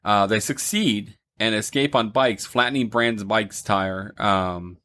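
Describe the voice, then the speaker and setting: A young man with a low voice walks through a movie's plot on a casual review podcast. He talks loosely, with plenty of ums, and slips in short laughs as he recaps scenes. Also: bright, forceful tone. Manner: retells the plot with many ums, laughs and quick mock voices. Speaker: podcast co-host.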